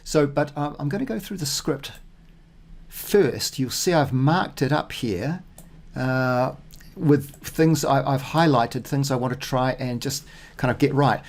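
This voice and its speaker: Man, casual self-recorded practice talk, thinks aloud, reads phrases slowly, lots of ums. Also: medium pitch. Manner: thinking aloud, many fillers and restarts. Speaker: Spanish learner.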